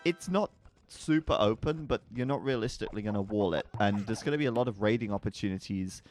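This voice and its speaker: A man's voice: on the low side, quick pace, a little mellow, soft background music. A man casting a strategy game match in a casual, joking way, sometimes stumbling over names. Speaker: esports commentator.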